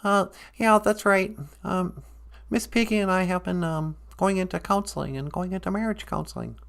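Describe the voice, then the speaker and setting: A woman's voice: on the low side, normal speed, creaky. A woman voicing a nervous, hesitant male frog puppet who calls in to a live show, stammering and timid. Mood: sheepish. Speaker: caller.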